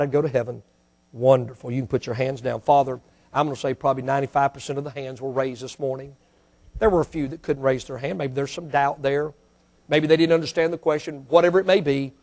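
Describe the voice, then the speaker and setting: A man preaching in a church, his voice sitting a little high. He shouts his warnings with fervor, then sinks to a hushed, coaxing tone as he leads the altar call. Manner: swings from loud fiery preaching to soft pleading prayer. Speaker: pastor. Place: church sanctuary.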